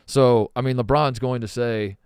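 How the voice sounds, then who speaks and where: A man's voice: mid-range voice, steady tone, moderate pace, a little mellow, smooth, no room sound, studio quality. A man co-hosting a sports podcast, talking in a rambling, profane, casual way. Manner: rambling, profane, trails off and restarts. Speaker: podcast co-host.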